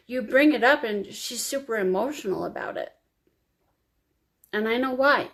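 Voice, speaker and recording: A woman telling her own life story to camera, confiding and emotional, crying as she speaks. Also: on the high side. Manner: emotional, confiding, slow and halting. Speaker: vlogger.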